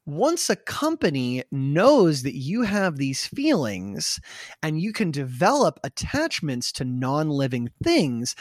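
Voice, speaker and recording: Animated podcast guy, lively voice. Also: on the high side, no room sound, clean studio sound. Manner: animated, swearing, lots of fillers. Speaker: podcast host. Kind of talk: casual podcast chat.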